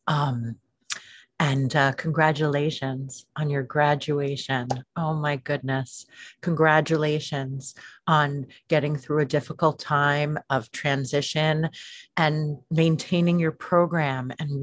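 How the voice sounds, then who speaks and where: A woman giving a grateful, gentle share at an online support meeting. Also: low-pitched, dry recording. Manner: warm-hearted, grateful, gentle. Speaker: meeting member sharing. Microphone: video call.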